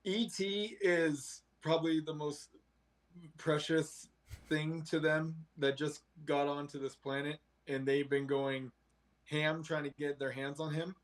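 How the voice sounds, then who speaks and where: Animated, higher-voiced male podcast host. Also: slow. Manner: animated, laughing often. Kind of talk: casual movie discussion.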